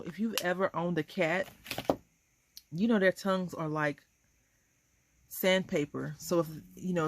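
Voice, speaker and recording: Woman rambling about markers and her cat, gravelly voice, amused. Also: on the low side, slight background noise. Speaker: craft video host. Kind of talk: casual chat while coloring.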